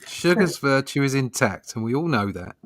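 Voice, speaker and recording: A man's voice: medium pitch, expressive, moderate pace, slight background noise. A man in a casual chat, dropping wry, teasing asides.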